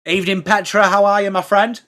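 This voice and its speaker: A man with a high, fairly flat voice speaks briskly and a little brightly. He's an Englishman from England hosting a casual live sports watchalong stream, chatting away and greeting viewers by name.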